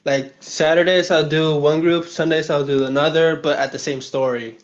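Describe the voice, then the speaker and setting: A man's voice: a little high, fairly even intonation, normal speed. Eager man, dull lo-fi sound. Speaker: new dungeon master asking advice. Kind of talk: casual chat.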